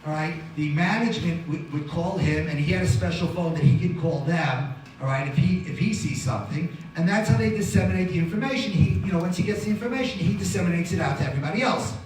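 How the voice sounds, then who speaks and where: A man's voice: on the high side, fast, a little mellow, slight background noise. A man, telling a dramatic survival story to an audience as a guest speaker. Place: hall with audience. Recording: very echoey hall from far off.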